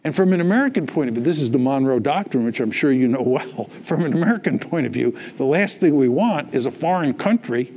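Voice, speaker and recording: Male author at a Q&A, mid pitch, mellow tone, forceful lecturing delivery. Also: animated, fairly quick, few pauses. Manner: emphatic, lecturing, tags points with "right?" and "okay?". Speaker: guest author answering questions. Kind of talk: public talk Q&A.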